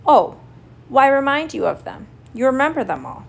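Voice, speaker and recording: A woman's voice: mid-range voice, lively intonation, fairly quick. A woman voicing a sly, boastful male coyote trickster in a storybook reading, with a whiny, indignant manner.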